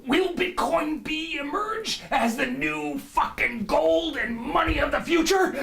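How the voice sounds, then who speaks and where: A man doing a brash, foul-mouthed money-show host who rambles and brags. His gravelly voice swings wildly from low mutters to laughing shouts. A live audience crowd can be heard behind him. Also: full character voice. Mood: manic. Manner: profane, boastful, rambling. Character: brash crude male finance show host. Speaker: comedic finance show character. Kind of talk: improvised comedy character monologue.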